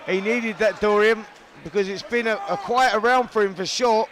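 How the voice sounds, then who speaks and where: A man's voice: high voice, normal speed, fairly bright tone, a little hiss or hum. A man with a Cockney accent calling a boxing fight live from ringside, chatty and matey. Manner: chatty, matey, repeats himself. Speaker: boxing commentator. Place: boxing arena.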